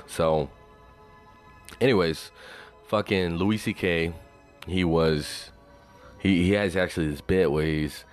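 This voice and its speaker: A man talking in a loose, rambling monologue, swearing freely and saying "you know" over and over. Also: a bass voice. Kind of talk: casual monologue.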